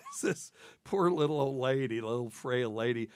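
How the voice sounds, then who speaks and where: A man's voice: mid-range voice, moderate pace, darkish tone, no echo. A man hosting a podcast as a doctor, telling a rambling, self-deprecating story in casual chat and laughing at himself.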